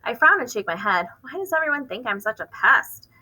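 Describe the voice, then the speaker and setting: A woman reading a children's novel aloud, expressive, with occasional stumbles and rereads. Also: on the high side, fairly quick, low-quality recording. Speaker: reader hosting a book channel.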